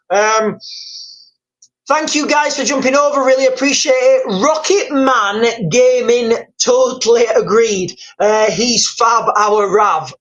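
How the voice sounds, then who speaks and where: This British live-streamer from the United Kingdom has a high-pitched, somewhat bright voice and speaks unhurriedly, though the audio is poor. He talks through world events at great length, often restarting and repeating words, reading viewer comments and calling everyone "guys."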